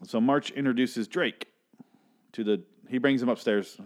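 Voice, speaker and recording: A man's voice: medium pitch, measured pace. A man casually recapping a TV episode, swearing often and sounding exasperated as he rambles through the plot. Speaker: TV recap host.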